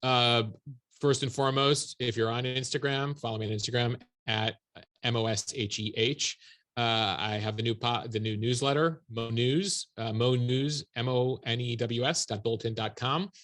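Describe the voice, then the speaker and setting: A man with a mid-range voice talks as a journalist guest in a casual interview. He tells his stories in a lively, quick-moving way. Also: mid-range voice. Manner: animated, quick storytelling.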